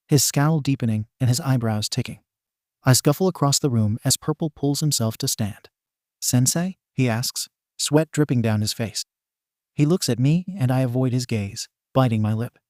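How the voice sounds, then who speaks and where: A man narrates a story in a steady, even reading. His voice sits in an ordinary middle pitch. The recording is close and dry, with no room sound. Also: normal speed, no echo. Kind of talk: reading a fan fiction story aloud.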